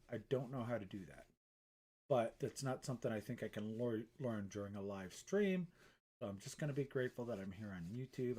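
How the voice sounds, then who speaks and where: A man live streaming as a chalk artist, rambling casually and talking to himself between remarks. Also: medium pitch. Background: faint music.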